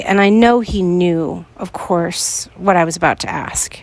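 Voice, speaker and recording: A woman's voice: fairly low pitch, normal speed, hardly any pauses, a little mellow, no echo. A woman podcast host telling a personal story to her listeners, earnest and pleading as she recalls her own words.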